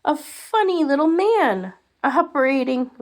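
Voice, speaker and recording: A woman reading a children's storybook aloud in an expressive way, with small restarts. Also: sits high, a little slow. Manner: expressive, with restarts and muttered asides.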